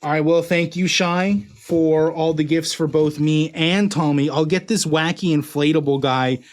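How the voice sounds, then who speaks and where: A man's voice: fairly high pitch, steady tone, unhurried. A male streamer casually chatting with his viewers and his dog while opening fan mail. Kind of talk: casual live-stream chat.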